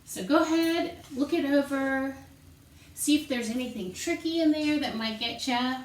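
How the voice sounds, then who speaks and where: A woman's high voice, at a moderate pace with a faint hiss or hum, comes from a distance in an echoey room as she teaches elementary music. Out of breath and moving, she patiently counts rhythm syllables aloud and offers encouraging explanations.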